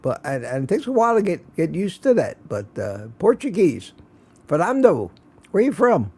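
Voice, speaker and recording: A man's voice: sits high, huge pitch swings, normal speed, dark tone, slightly rough. An older man hosting a casual morning livestream, greeting viewers by name in a chatty, self-mocking way. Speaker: livestream host.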